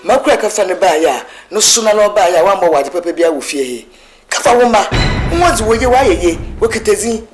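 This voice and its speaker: A woman with a Ghanaian Twi accent playing a mother who scolds her son in a lively, sing-song way. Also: mid-range voice, fast, lightly acted. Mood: scolding. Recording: film audio over loud music.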